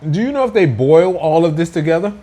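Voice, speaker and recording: A man's voice: on the high side, animated, fast, warm tone. A man hosting a casual food vlog, playful and teasing as he talks to viewers at home. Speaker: food vlogger. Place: indoors at home.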